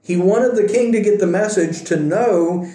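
A man leading a Bible study tells stories in a casual, animated way, tossing in joking asides. His voice is high and mellow, he speaks at normal speed, and the room is echoey.

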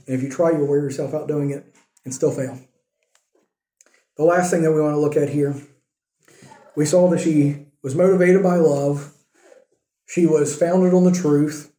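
Guy preaching in church, mellow voice, kinda high, echoey room. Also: fairly even intonation, normal speed, long pauses. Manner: conversational preaching, rhetorical questions. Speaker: pastor. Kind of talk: sermon. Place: church sanctuary.

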